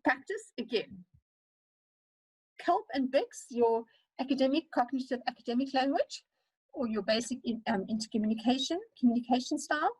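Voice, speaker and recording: A woman lecturer with a South African accent teaching an online webinar, talking fast and animatedly with frequent fillers. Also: sits high, slightly rough, no room sound, low-quality recording. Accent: South African English. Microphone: computer mic on a video call.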